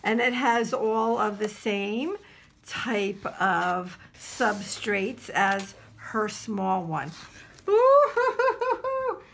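A woman from New Jersey chatting casually to her camera as she unboxes craft supplies, gushing and excited, with lots of fillers. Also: mid-range voice, slight background noise. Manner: gushing and excitable, full of exclamations. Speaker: craft vlogger.

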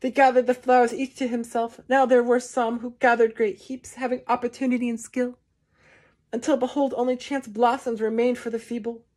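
A woman giving a measured poetry reading, with slow, deliberate phrasing and long pauses. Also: on the high side, level tone, a little mellow. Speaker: poetry reader.

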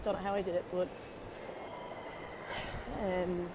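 A woman's voice: lowish voice, level tone, takes it slowly. Young irish woman, chatty, rambling, phone vlog, vehicle noise behind. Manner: chatty, rambling, swears casually. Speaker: vlogger. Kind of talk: casual travel vlog chat. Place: travelling through taxi and airport. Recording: clear travel noise in background. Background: vehicle and ambient noise.

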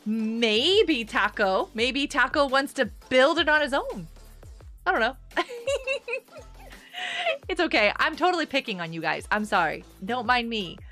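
A woman's voice: on the high side, expressive, measured pace, pauses often, sharp tone, soft background music. A woman streaming a game live, chatting to viewers by name, giggling and panicking as she plays. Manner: bubbly, giggly, often panicked; talks to chat viewers by name.

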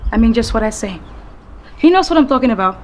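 An actress playing a loud, dramatic Puerto Rican waitress with a Puerto Rican accent. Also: female voice, on the high side, expressive, quick pace, a little hiss or hum, lightly acted. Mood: indignant.

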